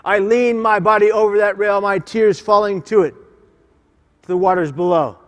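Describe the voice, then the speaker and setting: Impassioned high-voiced man speaking in a reverberant hall. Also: steady tone, moderate pace. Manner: impassioned, emphatic, leads audience call-and-response. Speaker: keynote speaker. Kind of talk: motivational keynote speech. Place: large conference hall. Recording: long hall reverb from conference hall.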